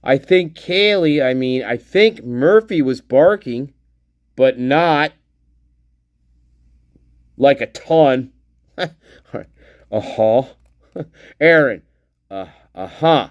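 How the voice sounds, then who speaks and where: A man's voice: medium pitch, animated, extremely slow, long pauses. A man reading testimony aloud on a livestream, commenting casually and laughing as he mocks it. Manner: wry, laughs often, reads aloud and mocks. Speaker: commentator on a true-crime case.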